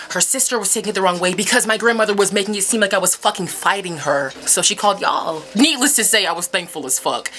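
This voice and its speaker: Animated young woman telling a wild story. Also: slight background noise. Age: young adult. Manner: animated, profane storytelling with sudden high yelps. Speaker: vlogger. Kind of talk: storytime vlog.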